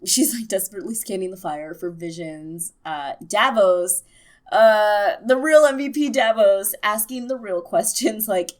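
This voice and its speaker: A young woman giving a casual, excitable TV episode recap, full of fillers. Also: mid-range voice, a little slow. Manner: chatty and excitable, many fillers. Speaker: TV recap vlogger.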